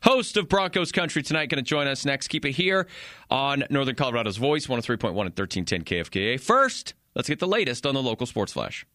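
A man's voice: mid-range voice, very animated, fairly quick, bright, forceful tone. A man hosting a sports talk radio show, bantering and teasing his co-host.

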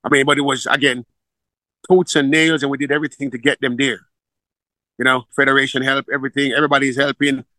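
A middle-aged Jamaican man with a Jamaican accent, a football coach, tells stories in a casual interview, animatedly acting out the voices of people he quotes. His voice sits at medium pitch and moves fast. The recording is low quality but has no room sound.

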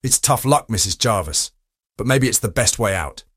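A man's voice: lowish voice, lively intonation, moderate pace, fairly bright tone, breathy edge, no echo, clean studio sound. A man doing a wry, confident detective. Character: cool, wry male private detective. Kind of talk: audiobook reading.

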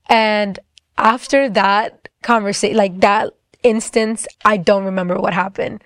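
A young woman gives a personal testimony in a casual storytelling style, acting out quoted voices and using "like" a lot. Her mid-range voice is smooth and steady, a little slow, recorded in a clean studio with no room sound.

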